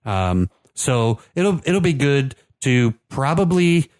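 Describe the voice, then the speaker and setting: A man's voice: mid-range voice, sing-song, slow, a little mellow, no room sound, clean studio sound. A man co-hosting a podcast, talking casually about soccer teams with lots of fillers and restarts. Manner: chatty, many fillers and restarts. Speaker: podcast co-host. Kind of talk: casual sports chat.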